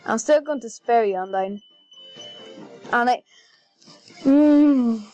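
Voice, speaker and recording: A woman chatting casually while playing a video game, excitable and easily flustered. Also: on the high side, measured pace, no echo, dull audio. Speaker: gaming channel host. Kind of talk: casual gameplay commentary. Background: faint game music.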